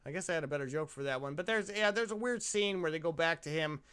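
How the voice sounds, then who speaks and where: A man's voice: fairly high pitch, fast talker, a bit bright, clear, resonant tone. A tipsy man co-hosting a casual movie review podcast, rambling, swearing and sarcastic. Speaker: podcast co-host.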